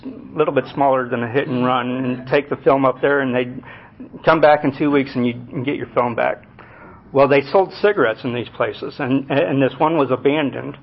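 A middle-aged man giving a personal testimony to a group, halting, with many fillers and restarts. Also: medium pitch, creaky. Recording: muffled lo-fi recording.

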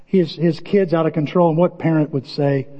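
A man preaching a sermon as pastor, animated, acting out quotes and often repeating words. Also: a little high, normal speed, in a large hall, highs cut off.

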